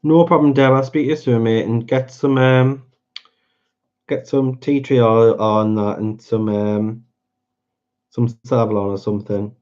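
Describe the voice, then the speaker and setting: A man's voice: medium pitch, fairly even intonation, unhurried, darkish tone. A man, hosting a casual livestream and chatting to viewers by name while he colours. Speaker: livestream host. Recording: dull lo-fi stream audio.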